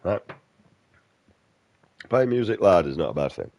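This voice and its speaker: A man's voice: low voice, animated, measured pace, a little mellow, no echo. A man giving casual gameplay commentary, ranting bluntly and swearing a lot. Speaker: game streamer.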